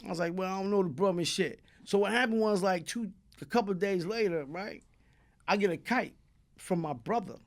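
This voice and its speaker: Streetwise Brooklyn man with a high voice. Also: brisk. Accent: New York. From Brooklyn, New York. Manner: streetwise, profane, tag questions like "you heard?". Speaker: interview guest. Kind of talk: casual storytelling.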